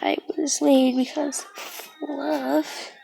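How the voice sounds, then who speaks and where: A woman voicing a calm, confident teenage boy hero in a retold fan story, speaking offhandedly with hesitant fillers. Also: high voice, slow pace, gravelly, a little hiss or hum, exaggerated voice, low-quality recording. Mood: flustered.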